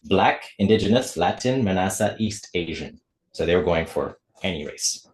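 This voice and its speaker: A man's voice: low-pitched, lively intonation, moderate pace. A man hosting a casual online baking class, chatty and joking while explaining each step. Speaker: actor and baking class host. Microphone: laptop camera mic.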